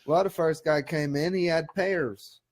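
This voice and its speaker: A man's voice: fairly high pitch, measured pace. A man co-hosting a casual show, telling a rambling joke in a laid-back way. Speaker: podcast co-host.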